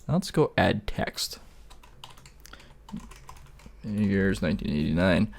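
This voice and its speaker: This man, a YouTuber, walks through a screen-recorded tutorial slowly and expressively in a low voice with vocal fry. He's casual and rambling, often laughing and sometimes swearing.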